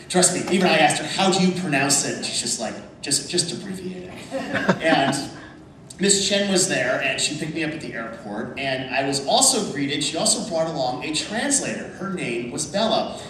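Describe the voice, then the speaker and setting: A man speaking at a convention panel, telling a story over slides in an animated way and calling the audience "folks". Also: medium pitch. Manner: animated, addresses the crowd as folks. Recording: echoey hall from far off, noisy.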